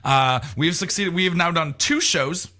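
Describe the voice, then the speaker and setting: A man's voice: fairly high pitch, normal speed, sharp tone. A man hosting a radio talk show, rambling and teasing his co-hosts in casual banter.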